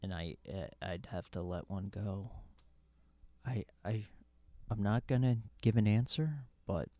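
A man's voice: on the low side, a little slow, warm tone, no room sound. A man hosting a podcast in casual chat, rambling and self-mocking, with many restarts and stammered repeats. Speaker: podcast host.

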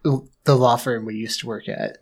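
A man's voice: medium pitch, steady tone, moderate pace. A man telling stories in a casual podcast chat, rambling with lots of fillers. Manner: rambling, filler-heavy storytelling.

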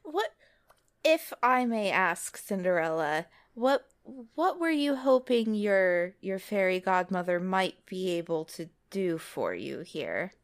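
A woman's voice: lowish voice, sing-song, slow pace, clean tone, full character voice. A woman voicing a kind, caring adventurer character, speaking earnestly and sweetly.

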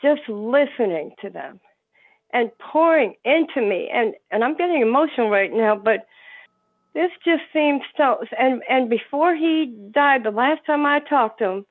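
A woman's voice: high-pitched, lively intonation, measured pace. A woman on a video call, sharing a heartfelt, rambling remembrance of a friend. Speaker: meeting participant. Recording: tinny phone-like call audio.

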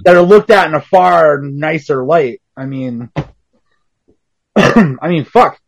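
A man's voice: a little high, slow, vocal fry, slight background noise. A man co-hosting a podcast who talks bluntly and swears freely in casual chat. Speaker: podcast co-host.

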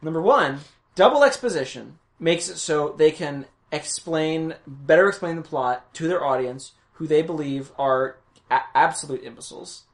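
A co-host of a casual cartoon review chat with a mid-pitched voice that swings widely and stays animated. The talk is analytical and wordy, building critiques point by point. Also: normal speed. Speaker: podcast co-host.

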